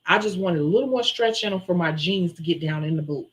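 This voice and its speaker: A woman who runs a nail-tech channel, chatting casually on a live stream and telling a story in an animated way. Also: lowish voice, quick pace, poor audio. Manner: chatty, animated storyteller who acts out her own quotes.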